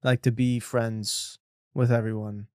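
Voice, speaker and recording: A man's voice: medium pitch, flat delivery, a little slow, a little mellow, dry recording, studio quality. Laid-back male podcast host. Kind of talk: casual chat.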